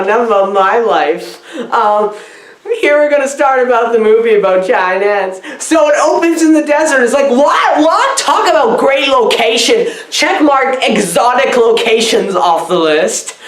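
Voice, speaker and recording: Woman, comic reviewer; high, giggly, wildly swooping delivery; rambling absurd asides. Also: reverberant. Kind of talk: absurdist comedy film review.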